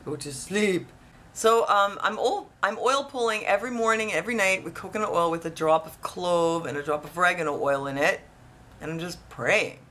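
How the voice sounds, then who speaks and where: A woman casually telling a personal story, rambling and animated with lots of restarts. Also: on the low side, a little fast, a little hiss or hum. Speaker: vlogger.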